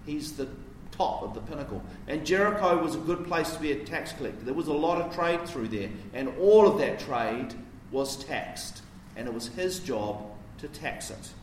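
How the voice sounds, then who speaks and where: Preacher in a roomy church. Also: male voice, on the high side, lively intonation, normal speed, few pauses, slight background noise. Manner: conversational, explanatory, rhetorical questions. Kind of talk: sermon. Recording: roomy, distant mic, faint ambience.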